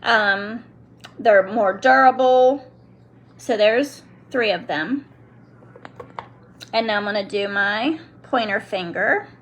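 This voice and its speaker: A woman's voice: mid-range voice, takes it slowly, pauses often, a bit bright, a little hiss or hum. A middle-aged woman chatting casually while demonstrating a product to viewers, often breaking off mid-sentence. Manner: chatty, self-interrupting, talks to viewers and kids. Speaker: nail product seller demonstrating on a live stream.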